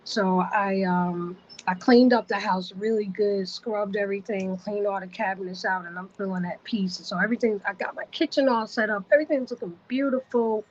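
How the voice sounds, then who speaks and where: A woman's voice: medium pitch, a little fast, few pauses, muffled recording, a little hiss or hum. A woman vlogger telling a personal story to the camera, vivid and repetitive in her retelling.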